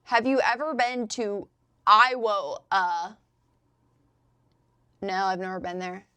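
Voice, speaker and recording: A young Midwestern woman livestreams from her crafting desk indoors, chatting loosely with her live chat and swearing casually. Her medium-pitched voice is level, slow, pushed and bright, with a clean tone and no room sound.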